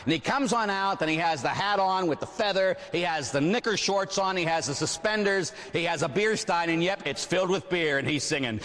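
Male retreat preacher, lively storytelling sermon, slightly high voice, long hall echo. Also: brisk, hardly any pauses. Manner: animated, frequent "huh?" asides. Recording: long echoing hall reverb.

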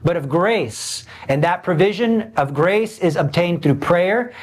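An earnest man preaching a sermon, his voice sitting a little higher than most men's. He pleads with his listeners and presses them with pointed questions. He slows down deliberately to drive each point home. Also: lively intonation. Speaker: Catholic preacher.

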